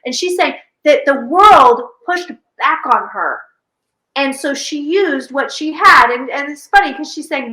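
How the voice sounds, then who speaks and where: A woman with a bright, forceful voice and a slightly high pitch tells stories with lively energy. She acts out quoted lines as she goes. The room gives her voice a noticeable echo. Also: unhurried. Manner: animated storyteller who acts out quoted speech. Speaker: psychic medium and host. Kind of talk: casual chat.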